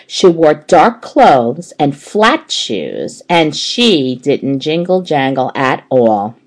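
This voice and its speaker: Woman, children's audiobook narration, low voice, lively pitch, slow expressive reading. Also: low-quality recording. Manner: expressive, unhurried storytelling.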